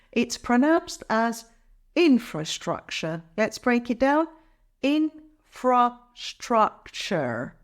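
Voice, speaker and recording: Slow, lively-pitched woman teaching pronunciation. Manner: careful, drawn-out syllables for practice. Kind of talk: slow, clear pronunciation lesson.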